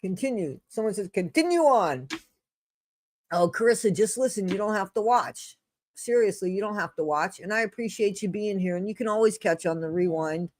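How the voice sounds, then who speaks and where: A woman with a mid-range, animated voice and darkish tone hosts a casual livestream at normal speed. Using a streaming setup mic, she reads a blog aloud and responds to her live chat in a chatty, apologetic manner.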